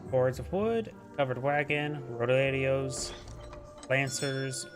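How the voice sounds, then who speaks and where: A man's voice: medium pitch, slow pace, over music. A man casually commentating a strategy game replay, rambling and stumbling over unit names. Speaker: game caster.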